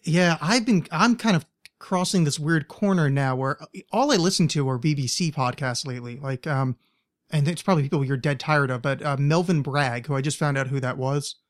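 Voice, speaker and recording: A man with an American accent hosting a podcast, talking in an animated, chatty way, laughing easily and swearing casually. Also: a little high, fairly quick. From United States. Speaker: podcast host. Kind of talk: casual chat.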